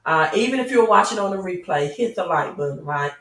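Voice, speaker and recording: A woman's voice: on the low side, expressive, brisk, fairly bright tone. A woman with a Southern US accent hosts a livestream, reading viewers' chat and lecturing emphatically with many rhetorical questions. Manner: emphatic, preachy, keeps asking rhetorical questions. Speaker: crypto channel host. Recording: roomy echo, mic at a distance.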